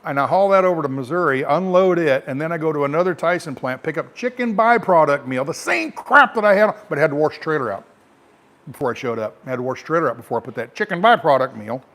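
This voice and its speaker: A man's voice: a little high, expressive, fast talker, a bit bright. A middle-aged American man, a truck driver, telling a rambling, frank story to camera in a casual way.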